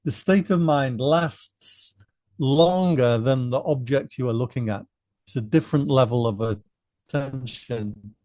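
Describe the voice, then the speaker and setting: A man teaching meditation in a relaxed, story-telling way and acting out the people in his story. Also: medium pitch, no echo, clean studio sound. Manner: relaxed anecdotal, acts out quotes. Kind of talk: storytelling dharma talk. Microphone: remote class microphone.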